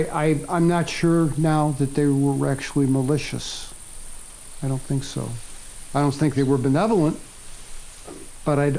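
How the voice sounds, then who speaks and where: An older man telling his own experience in a documentary interview, in a slow, reflective storytelling manner. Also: mid-range voice, vocal fry, warm tone, a little hiss or hum. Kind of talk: documentary testimony.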